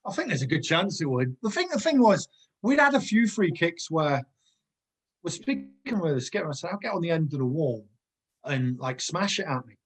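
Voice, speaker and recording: Husky-voiced man telling footballer anecdotes. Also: on the high side, sing-song, normal speed. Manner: rambling anecdotes, digresses, laughs often. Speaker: former footballer guest. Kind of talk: casual storytelling chat.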